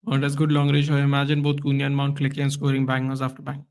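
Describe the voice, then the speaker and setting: A man hosting a live football watchalong stream, chatting casually and reacting loudly to the play with lots of slang. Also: medium pitch, completely flat delivery, fast talker.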